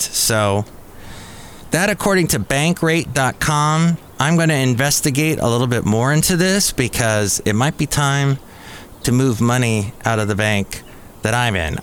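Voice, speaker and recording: A man with a medium-pitched, fairly bright voice hosts a podcast from a cafe, chatting through the week's news like he's telling a story. There's a little hiss or hum on the recording.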